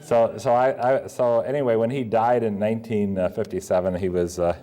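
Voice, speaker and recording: A man's voice: on the low side, steady tone, normal speed, warm tone. An older man from Pennsylvania, a coin dealer telling rambling stories with many fillers and restarts. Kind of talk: storytelling talk.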